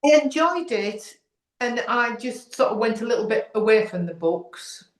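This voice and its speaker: A woman's voice: on the high side, expressive, moderate pace. A woman co-hosting a podcast, chatting casually and checking in often with "do you know what I mean". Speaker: podcast co-host. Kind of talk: casual chat. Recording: roomy echo.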